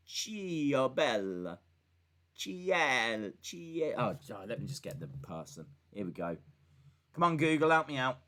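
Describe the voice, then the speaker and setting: A man's voice: mid-range voice, a bit bright. A man hosting a casual live stream, rambling and joking as he reads out viewer messages. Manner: rambling and chatty, with many fillers and restarts; jokey, talking back to viewers and a voice assistant. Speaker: live-stream host reacting to wrestling and reading chat.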